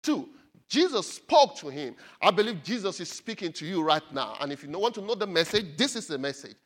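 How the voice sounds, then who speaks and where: A man with a high, bright-sounding voice preaches to his church. His pitch swings widely as he leans on key phrases and repeats them so the congregation can take them in. The delivery is an emphatic sermon from start to finish. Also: very animated, a little fast. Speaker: pastor.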